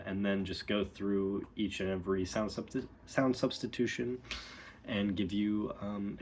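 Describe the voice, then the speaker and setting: A man giving a relaxed, explanatory video lesson as a dialect coach, pausing often with ums. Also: fairly low pitch, a little hiss or hum.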